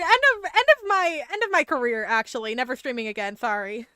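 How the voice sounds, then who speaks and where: Studio-quality audio with no room sound carries a young woman's smooth, high-pitched voice at a fairly quick pace. Streaming a game, she keeps up casual, animated commentary, often swearing, laughing, and poking fun at herself.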